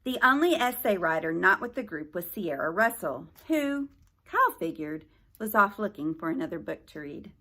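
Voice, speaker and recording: Animated woman reading a storybook aloud. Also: on the low side, normal speed. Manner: animated, chatty asides to young listeners. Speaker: library storyteller. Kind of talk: reading a novel aloud with chat.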